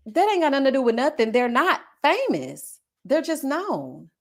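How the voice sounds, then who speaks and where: Sassy animated woman gossiping. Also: high-pitched, normal speed. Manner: sassy, animated, calls viewers child and baby. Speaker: commentary vlogger reading viewer comments. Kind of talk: casual reality-TV gossip commentary.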